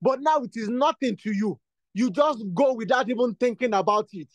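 High-voiced man leading fervent prayer. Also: normal speed, dry recording. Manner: repetitive, insistent, builds to fervent bursts. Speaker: prayer leader. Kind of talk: exhortation and spoken prayer.

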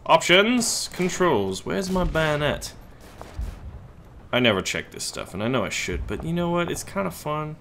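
A man giving excitable let's play commentary while playing a shooter game, often swearing and shouting at the action. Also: fairly high pitch, unhurried, a little hiss or hum. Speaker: gaming YouTuber. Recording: loud game gunfire behind voice. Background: game gunfire and explosions.

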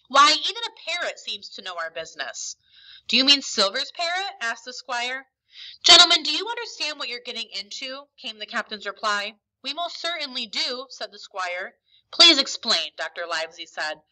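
A woman's voice: fairly high pitch, pushed and bright, low-quality recording. A woman teacher reading a story aloud to her class expressively, with small slips and restarts, then giving instructions.

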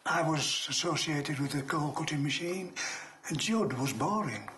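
An older man, a retired coal miner, telling a story in casual conversation, lively and full of restarts. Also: a little high, unhurried, slight background noise.

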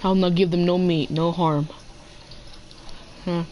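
A teenage boy with a high, slightly mellow voice chats casually and playfully while playing a video game, talking to the animals in it. His delivery is flat and slow. The recording has its highs cut off and a little background noise.

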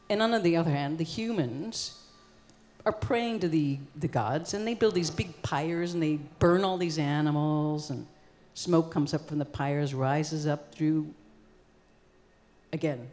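A woman in her sixties, a performance artist, tells an old story live on a concert hall stage, her deep, darkish voice unhurried. She talks casually, scattering plenty of "you know" and "like," and the recording carries a long concert-hall reverb.

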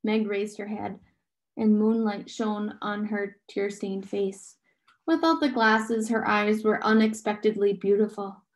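A young adult woman reading a novel aloud, with occasional slips and restarts, raising her pitch for characters' dialogue. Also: fairly even intonation, a little slow. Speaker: audiobook reader.

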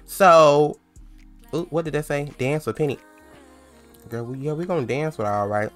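A man's voice: on the high side, animated, moderate pace, fairly bright tone, soft background music. A man casually commenting on a life-sim game he plays, chatty and full of slang. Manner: chatty, slangy, laughs easily. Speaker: let's play host.

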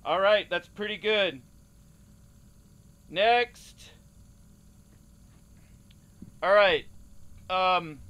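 An actor playing a tired male casting director running auditions in a flat, businesslike way. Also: sits high, heavily acted.

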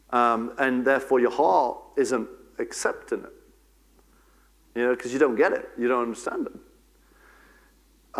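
A man preaching a church sermon as pastor, repeating key phrases and breaking into fervent prayer and declarations. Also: mid-range voice. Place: church service.

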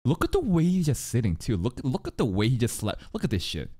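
A young man streaming an anime reaction, talking casually and excitably, swearing often and mock-quoting the characters. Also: mid-range voice, fast.

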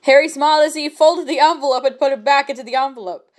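A woman's voice: high-pitched, fast talker. A woman reading fan fiction aloud with comic commentary; she laughs often and stumbles over words.

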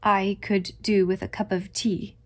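A woman's voice: mid-range voice, flat delivery, a little slow, close to an everyday voice. A woman voicing a plaintive, shrewish older aunt in a storybook reading. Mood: sour. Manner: plaintive and sour.

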